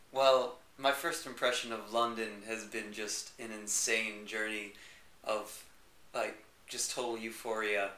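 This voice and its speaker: A man's voice: fairly low pitch, sharp tone. A young American man, a jazz pianist, chatting enthusiastically in an interview, rambling and laughing easily. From United States. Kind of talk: casual interview chat. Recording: echoey room.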